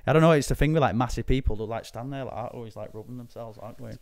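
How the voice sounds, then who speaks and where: A man chatting on a podcast as a guest, animated and full of swearing and impressions. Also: medium pitch, rapid-fire, gravelly, no echo. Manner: animated storyteller, swears often, does voices of people. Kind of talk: casual chat.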